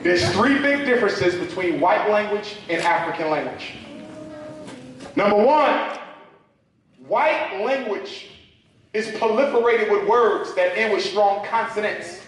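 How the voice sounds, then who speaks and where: A man's voice: sits high, expressive, a little slow, a bit bright, far from the mic, slight background noise. A man giving a talk to a live audience, preacherly, drawing call-and-response from the crowd. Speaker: speaker at a public talk. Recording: echoey hall, mic from afar.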